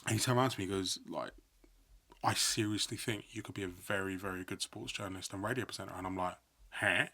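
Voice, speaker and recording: A middle-aged man telling a story in a relaxed chat. His voice sits fairly low. He slips into quoted voices as he goes. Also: fast talker. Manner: animated storyteller, acts out quotes. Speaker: podcast guest, sports broadcaster.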